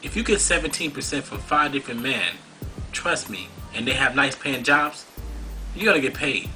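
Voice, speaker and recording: A man's voice: mid-range voice, animated, normal speed, pushed and bright, soft background music, rough recording. A man hosting a talk show, delivering a preachy, scolding monologue full of rhetorical questions. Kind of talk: monologue commentary.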